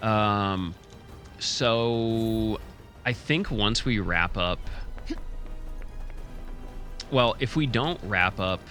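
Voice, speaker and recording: A man's voice: lowish voice, slow, a bit bright, soft background music. A man streaming a speedrun, rambling and joking profanely while he has the hiccups. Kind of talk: casual live-stream commentary.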